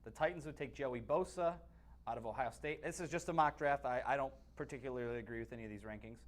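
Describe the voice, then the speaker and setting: A man with a mid-range voice talks fast as a sports webcast co-host and analyst. He gives blunt opinions on football in casual talk full of restarts.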